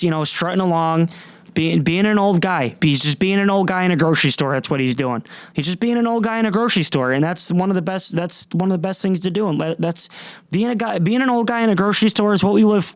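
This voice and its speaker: Rambling, animated young man podcaster. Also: a little high, dry recording. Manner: rambling, animated, mocks people in silly voices. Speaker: podcast host. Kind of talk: rambling comedic monologue. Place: warm room, downstairs.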